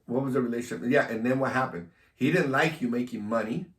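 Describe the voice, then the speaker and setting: A man's voice: mid-range voice, quick pace, a bit bright. A man hosting a casual chat, provocative and teasing, laughing often. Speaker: host. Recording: echoey room, mic at a distance.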